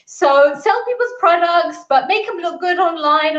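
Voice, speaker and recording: Animated high-voiced woman on a roomy call. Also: a little slow. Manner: candid, energetic, storytelling with acted quotes. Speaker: guest speaker, business mentor. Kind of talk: virtual event talk. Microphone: video call. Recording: roomy, slightly dull audio.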